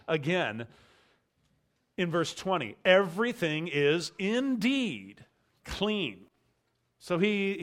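A man's voice: high-pitched, fairly bright tone. A man preaching a sermon in a conversational way, mixing verse readings with a personal story. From United States. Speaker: pastor.

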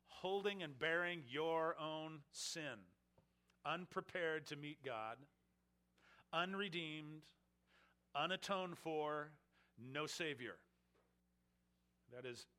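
A man delivers an expository sermon in a bright, slightly higher voice. He is earnest and explanatory, stretching out key phrases for weight. His sentences often fall away quietly at the end. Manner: slows for emphasis, drops soft at phrase ends; earnest, explains Greek terms. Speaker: pastor.

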